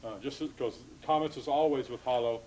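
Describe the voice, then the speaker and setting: A man lecturing a class on grammar, halting and full of fillers, stopping to correct himself. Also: mid-range voice, darkish tone, a little hiss or hum, rough recording.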